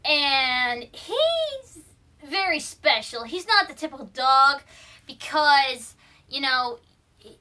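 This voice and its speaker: Bright, high-voiced young woman rambling. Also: sing-song, takes it slowly. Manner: rambling, full of fillers and restarts. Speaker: vlogger. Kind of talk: casual film retelling. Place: room at home.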